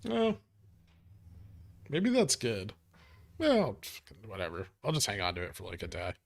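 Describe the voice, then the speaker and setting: A man's voice: fairly low pitch, wildly swooping pitch, a little slow, vocal fry. Ranting, casual male stock streamer. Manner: ranting, casual and profane, wry asides. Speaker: livestream host. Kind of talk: live stock market stream, reading chat.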